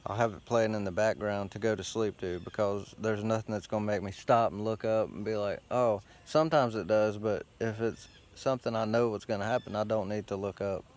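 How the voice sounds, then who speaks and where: A man's voice: lowish voice, fairly even intonation, fairly quick, few pauses, a little mellow. A man hosting a show, rambling casually outdoors while sitting against a tree, with loose, profane, meandering talk full of fillers. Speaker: host.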